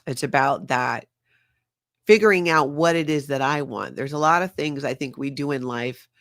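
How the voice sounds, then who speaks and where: A woman's voice: very deep voice, moderate pace, fairly bright tone, no room sound, clean studio sound. An older woman chatting casually on a livestream, laughing often and reading viewer comments aloud. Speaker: livestream host.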